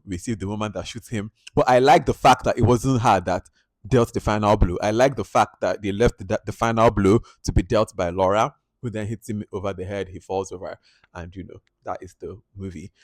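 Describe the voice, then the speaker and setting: In a lowish voice, a film reviewer chats animatedly through a casual movie review, his sentences packed with "like." The recording is studio quality, free of room sound.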